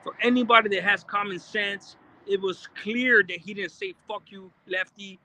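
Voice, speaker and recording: A man giving casual, profane commentary, animated and repeating himself as he talks. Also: sits high, moderate pace. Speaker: commentator reacting to an interview.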